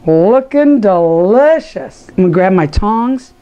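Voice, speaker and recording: A woman's voice: medium pitch, animated, slow, dull audio, faint music behind. Chatty woman hosting a cooking show. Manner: chatty and enthusiastic, talks to viewers. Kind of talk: casual cooking demonstration.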